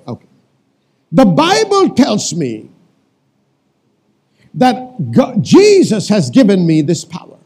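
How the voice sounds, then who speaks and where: A pastor preaches a sermon in a high-pitched, husky voice, calling out to his congregation. He repeats lines for emphasis and sometimes shouts commands.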